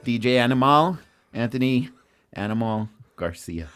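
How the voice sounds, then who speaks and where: A man's voice: mid-range voice, expressive, moderate pace, fairly bright tone, smooth, soft background music. Joking male podcast host. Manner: joking, mock-grumbling, laughs often. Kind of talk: casual comedy podcast chat.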